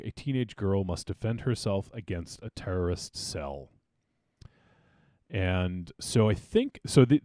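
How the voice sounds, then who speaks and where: Deep-voiced male podcast host. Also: dark tone, no room sound, clean studio sound. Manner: rambling, many fillers and restarts. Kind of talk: casual film discussion.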